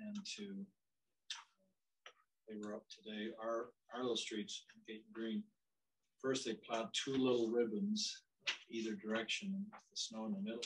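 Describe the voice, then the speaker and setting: Older guy teaching church counseling, low voice, kinda far from the mic, chatty with lots of restarts. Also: background noise. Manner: warm conversational storytelling with many restarts. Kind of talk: church class teaching with anecdotes. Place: church classroom.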